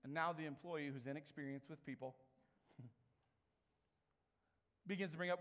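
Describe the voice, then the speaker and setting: Speaking at a moderate pace with long pauses, a pastor with a fairly high voice tells stories in his sermon the way he'd chat, animating the voices of the people he quotes. Long reverb from a large hall surrounds him.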